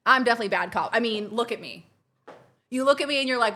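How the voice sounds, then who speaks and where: A woman's voice: mid-range voice, fast, fairly bright tone. A woman streamer chatting casually and bubbly with her live chat from home while planning her week. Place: home, kitchen.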